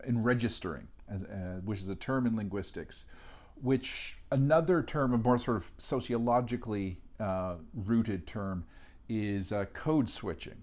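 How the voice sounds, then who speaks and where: A man with a somewhat low voice talks through an academic reading. He lectures informally and thinks aloud. He speaks in a measured way and often pauses to find the right word. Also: a little mellow. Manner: thoughtful, searching for words, measured.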